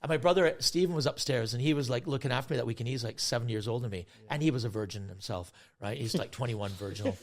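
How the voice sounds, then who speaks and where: A man in his forties, a guest comedian, telling a story in an animated way, swearing freely and acting out other people's voices. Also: mid-range voice, quick pace. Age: 40s. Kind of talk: casual storytelling.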